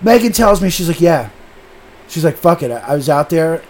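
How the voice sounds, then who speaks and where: A man's voice: on the high side, big pitch swings, moderate pace, darkish tone, slight background noise. A man telling a long story in a casual podcast chat, swearing often and animatedly acting out what people said.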